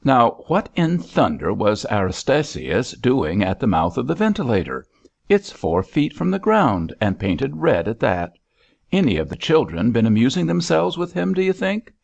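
A man voicing a gruff, dryly humorous older sea captain who drawls wry remarks, with a creaky, husky voice. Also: mid-range voice, big pitch swings, normal speed, lo-fi sound, voice pushed up. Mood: puzzled.

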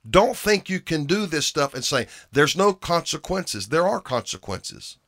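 A man's voice: on the high side, very animated, a little slow, a bit bright. A man preaching a sermon in an earnest way, often repeating phrases and restarting his words for emphasis.

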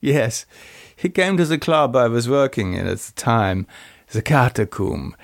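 A man's voice: mid-range voice, very animated, unhurried, vocal fry, no room sound, studio quality. A man voicing a German woman singer who reminisces about her past in a wistful, storytelling way. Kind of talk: audiobook character voice.

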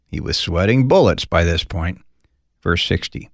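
Man, pastor, Bible teaching, gravelly, dry close sound, expressive, folksy. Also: deep voice, unhurried, no echo. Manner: expressive, acts out quoted lines; conversational, folksy asides.

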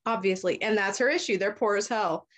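A woman's voice: mid-range voice, brisk. A young woman hosting a casual chat, loosely retelling a short story with lots of fillers and swearing. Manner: loose and profane, heavy fillers. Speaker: podcast host.

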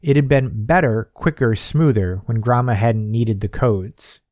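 A man's voice: medium pitch, moderate pace, darkish tone, no echo. A man reading a short story as an audiobook narrator, giving the characters' lines a lifted, livelier delivery. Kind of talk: scripted narration.

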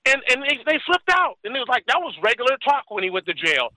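A man's voice: very high-pitched, very animated, fast, pushed and bright, no room sound, rough recording. A man in his forties telling a story in casual chat, rambling and acting out the voices of the people he quotes. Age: 40s.

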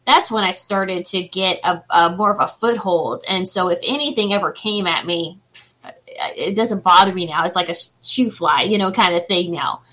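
A woman's voice: on the low side, moderate pace, bright, forceful tone, low-quality recording. A woman guest on an interview show who does psychic readings, talking in a reassuring, chatty way. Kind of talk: casual interview chat.

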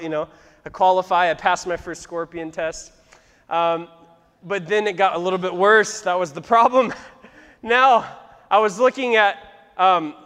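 A man's voice: sits high, fairly bright tone. A man preaching in a church sanctuary, telling a story dramatically and laughing often. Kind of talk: sermon with vivid storytelling. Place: church sanctuary, live before a congregation. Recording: long reverb of a large church hall.

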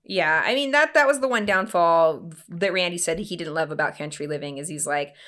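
A woman in her thirties telling a story in casual chat, animated and acting out the voices of the people she quotes. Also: on the low side, a little fast. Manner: animated, acts out quoted voices, laughs often.

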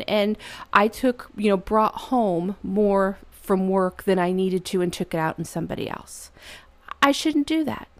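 A woman's voice: mid-range voice, gravelly. A woman talking casually and earnestly as a parent, giving reflective advice about apologizing.

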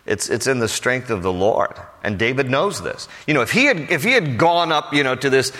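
A man's voice: mid-range voice, animated, fairly quick, pushed and bright, big-room sound. A man preaching a Bible study sermon in a conversational way, with frequent fillers and restarts. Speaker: pastor.

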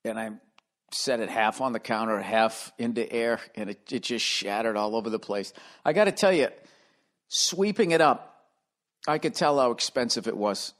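A middle-aged man hosting a podcast from his home, rambling loudly and profanely and losing his train of thought. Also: medium pitch, normal speed. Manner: profane, loud, easily sidetracked. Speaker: podcast host. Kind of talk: rambling comedic monologue. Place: room at home.

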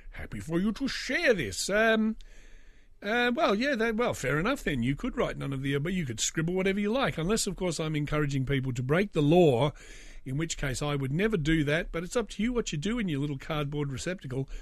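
Rambling, jokey man, slightly raspy. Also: fairly high pitch, lively intonation, brisk, dry recording. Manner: rambling, jokey, sardonic asides. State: slightly raspy after illness. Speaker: podcast host. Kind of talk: casual solo podcast chat.

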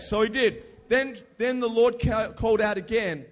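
A young man preaching a lively youth sermon, telling casual stories and prompting the crowd. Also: very high-pitched, normal speed. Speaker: youth pastor. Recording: long hall reverb.

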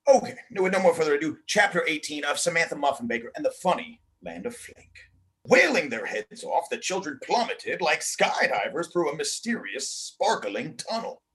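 A man's voice: on the high side, sing-song, moderate pace, a bit bright. Playful man reading a storybook aloud. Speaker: host and storyteller.

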